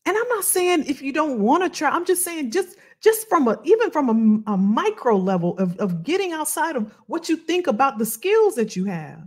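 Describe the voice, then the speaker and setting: A woman's voice: high-pitched, big pitch swings, normal speed, hardly any pauses. A middle-aged woman giving a passionate motivational talk to her viewers and telling personal stories. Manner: passionate, emphatic, addresses viewers as "y'all"; tells personal travel stories. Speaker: career coach and video host.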